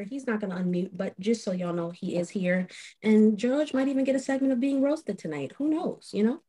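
A woman hosting a podcast, introducing guests in an upbeat, teasing way. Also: on the high side. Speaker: podcast host. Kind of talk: casual hosting chat.

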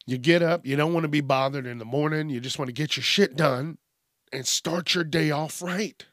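A man's voice: on the high side, normal speed, fairly bright tone, no echo, clean studio sound. A man hosting a podcast, ranting casually in a rambling, profane and self-mocking way. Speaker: podcast host. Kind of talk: casual comedic rant.

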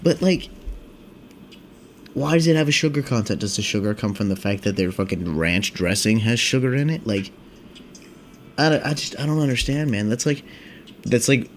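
A man's voice: medium pitch, a little hiss or hum. A young man hosting a casual podcast, rambling and swearing in a laid-back stoner monologue. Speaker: podcast host.

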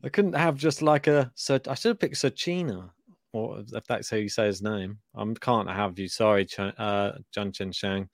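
A man's voice: fairly low pitch, normal speed, dry recording, clean studio sound. A man co-hosting a tennis podcast, casual and playful, often unsure and laughing as he makes his picks. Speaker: podcast co-host.

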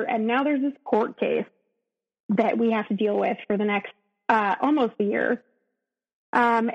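A woman with a somewhat high voice recounts her personal story as an interview guest, earnest and emotional, often breaking off and starting over. The recording is dull and lo-fi. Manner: earnest and emotional, with frequent restarts. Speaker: podcast guest. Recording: dull, lo-fi sound.

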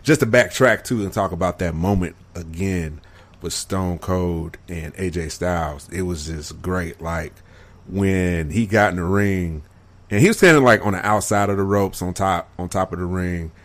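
Male co-host, very deep voice, eager and emphatic fan. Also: normal speed. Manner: excitable, emphatic fan talk. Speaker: podcast co-host. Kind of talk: casual wrestling chat.

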